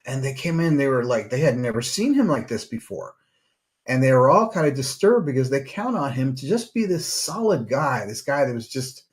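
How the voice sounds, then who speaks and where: A man hosting his own podcast, telling a story in a loose, unscripted way with frequent fillers and restarts. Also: mid-range voice. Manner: loose, rambling delivery with many fillers and restarts. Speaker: podcast host; psychotherapist. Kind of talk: storytelling monologue.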